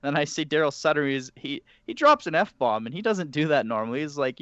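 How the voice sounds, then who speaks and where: A man co-hosting a casual podcast, telling stories in an animated way. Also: a little high, brisk, few pauses, no echo. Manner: animated storytelling. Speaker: podcast co-host. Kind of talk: casual chat. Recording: muffled mic.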